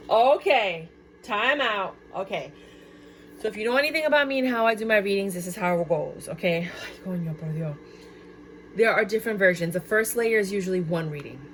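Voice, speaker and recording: A woman's voice: lowish voice, a little hiss or hum. Chatty woman doing a tarot reading, gets all worked up over the cards, talks to the viewer like a friend. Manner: excitable, chatty, exclaims and laughs often. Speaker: tarot reader. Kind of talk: casual tarot card reading.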